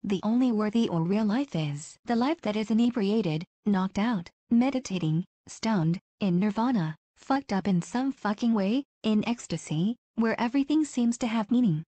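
A woman's voice: medium pitch, animated, normal speed, hardly any pauses, dark tone, no echo, natural voice. A woman playing a profane, mocking woman mystic who declaims and sneers sarcastically. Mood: scornful.

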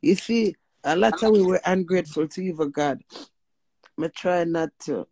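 A woman with a Jamaican accent speaks her testimony in a gravelly, husky voice. She preaches with emphasis, mixes patois with blunt swearing and keeps asking her listeners whether they hear her. The sound is dry and close. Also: fairly low pitch, moderate pace, warm tone, no room sound. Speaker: vlogger sharing personal testimony. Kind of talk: emotional spoken testimony.

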